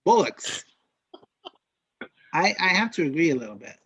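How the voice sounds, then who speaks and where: A man's voice: on the high side, big pitch swings, very fast, sharp tone, husky, no room sound, highs cut off. A man hosting a podcast in casual chat, leading the discussion. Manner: chatty, leads the discussion. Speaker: podcast host.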